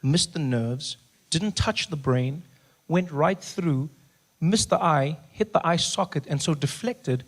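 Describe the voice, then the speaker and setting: A man with a South African accent doing a stand-up routine on a theater stage, animated and quick to act out other voices. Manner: animated, acts out voices with big pitch jumps. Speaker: stand-up comedian. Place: theater stage before a live audience. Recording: large hall reverb, audience noise.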